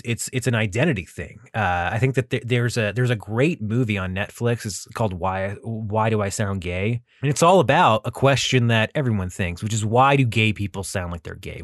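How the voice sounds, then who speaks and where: A man's voice: on the low side, normal speed, no room sound, clean studio sound. A young adult man from Texas with a Texan accent, talking casually in a rambling monologue full of fillers and restarts. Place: California.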